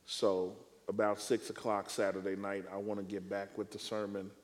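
A male preacher speaking in a panel discussion on preaching, with a measured, emphatic, deliberate way of phrasing. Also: fairly low pitch, little pitch movement, big-room sound.

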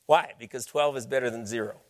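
A man's voice: medium pitch, fast. A man giving a lecture with slides, talking in a conversational, storytelling way. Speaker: speaker.

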